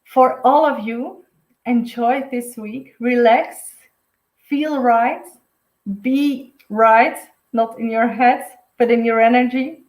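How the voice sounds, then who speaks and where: A woman's voice: on the high side, fairly even intonation, slow, a little mellow, roomy sound, rough recording. A woman giving a live intuitive card reading, rambling and heartfelt, full of fillers. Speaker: intuitive medium. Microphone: webcam or phone on a live stream.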